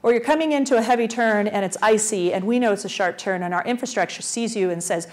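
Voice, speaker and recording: Brief: an energetic woman presenting at a conference, asking the audience questions, medium-pitched voice. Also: fast talker, hardly any pauses. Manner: energetic, uses rhetorical questions. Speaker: conference speaker, transportation official.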